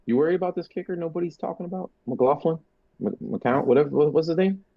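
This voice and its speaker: A man's voice: fairly high pitch, quick pace, phone-quality sound. A man co-hosting a sports podcast, talking casually with a profane, joking, rambling manner. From United States. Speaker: podcast co-host.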